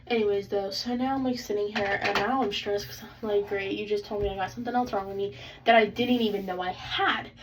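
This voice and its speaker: A young woman tells an exasperated, animated story about a doctor's visit, filling her talk with "like". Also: on the high side. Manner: animated, exasperated, heavy use of "like". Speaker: vlogger. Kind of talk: casual storytime rant. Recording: slightly distant, dull, faintly noisy.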